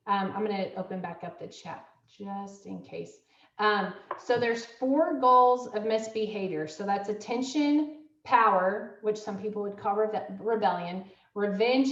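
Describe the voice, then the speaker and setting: Heard through distant, dull, and roomy laptop audio, a medium-pitched middle-aged woman presents an online parent workshop in her role as school counseling director. She keeps it conversational with many fillers and dramatizes how parents and children talk.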